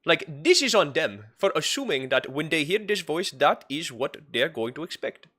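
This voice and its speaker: A man's voice: fairly high pitch, very animated, normal speed, pushed and bright, pitched above the performer's own voice, full character voice. A man putting on a raised, exaggerated voice while arguing earnestly. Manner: earnest, emphatic, argumentative. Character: man's raised put-on speaking voice, earnest.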